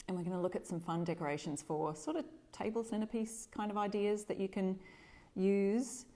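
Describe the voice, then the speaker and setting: A middle-aged Australian woman hosting a casual DIY live stream from her home workshop, chatty and greeting viewers by name, a little stuffy and clearing her throat. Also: mid-range voice, fairly even intonation, moderate pace, dark tone. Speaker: DIY craft host.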